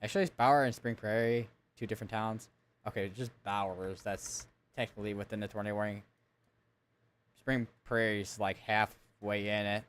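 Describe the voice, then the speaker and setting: With a smooth voice on the low side, this man delivers live severe weather coverage at normal speed and fairly even intonation. He reads storm reports and lists of towns, thinking aloud and correcting himself often.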